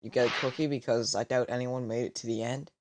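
A man's voice: mid-range voice, steady tone, quick pace, a little hiss or hum. A man hosting an online drawing-game session with friends, talking in a dry, hesitant, teasing way over voice chat. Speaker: host. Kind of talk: casual chat while playing a drawing game.

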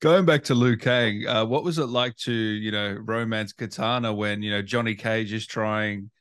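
A man's voice: fairly low pitch, steady tone, normal speed, a bit bright, smooth. A man hosting an interview, asking short questions and laughing often. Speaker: interview host. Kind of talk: casual interview chat.

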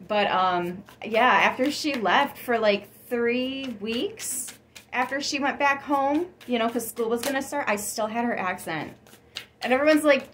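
A woman giving a casual tarot reading, chatty and excitable, with frequent gasps and laughs. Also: mid-range voice, a little slow, slight background noise. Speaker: tarot reader.

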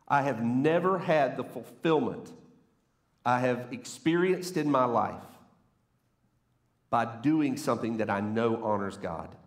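A man's voice: mid-range voice, a little slow. A man preaching a sermon from a church stage, playful and conversational, teasing the congregation as he talks. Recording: roomy church echo.

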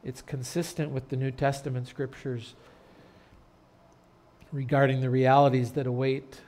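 A man pastor preaching an earnest sermon in a church, turning loud and dramatic when telling a story. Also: medium pitch, little pitch movement, a little slow. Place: church sanctuary.

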